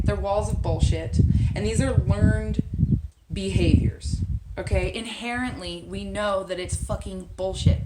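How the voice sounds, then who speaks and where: A woman spiritual coach giving a casual self-help talk, blunt, swearing freely and hammering her points home. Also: mid-range voice. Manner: blunt, profane and emphatic. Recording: echoey room with loud background noise.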